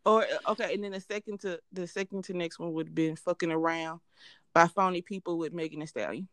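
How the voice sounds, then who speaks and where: Young woman on a podcast, low-ish voice, dry close sound, blunt and jokey. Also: steady tone, fairly quick, fairly bright tone, dry recording. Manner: blunt, joking, profane. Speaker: podcast co-host. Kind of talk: casual podcast chat.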